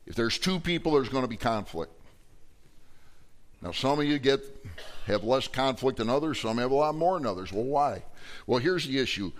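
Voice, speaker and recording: A man's voice: mid-range voice, animated, moderate pace, pauses often. A man preaching a sermon to his congregation, conversational and joking, acting out arguing voices with big swings in emphasis. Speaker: pastor.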